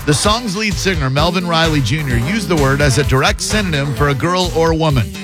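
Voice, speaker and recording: A man's voice: on the high side, lively intonation, fairly quick, over music. A man hosting a radio show, bantering sarcastically with his co-host and reading promos in a joking, rambling way. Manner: sarcastic, joking, playful tangents. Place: radio studio. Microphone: studio microphone.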